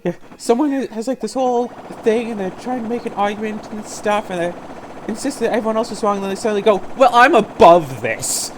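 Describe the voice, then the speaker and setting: A woman's voice: a little high, steady tone, fast, darkish tone, slight background noise. A woman hosting a let's-play, ranting sarcastically in casual gameplay commentary.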